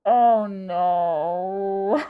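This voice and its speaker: A woman's voice: medium pitch, drawn-out words, clear, resonant tone, narrow, tinny audio. A young woman streaming a story game, reacting with giddy, laughing, flustered commentary. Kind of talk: excited live reaction commentary. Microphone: headset with earbuds.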